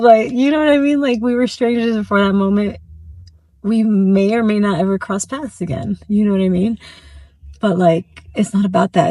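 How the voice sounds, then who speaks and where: Husky, gravelly woman vlogger. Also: mid-range voice, a little mellow, dry recording. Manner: rambling, many fillers, laughs often. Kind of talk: casual vlog chat. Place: car, driving.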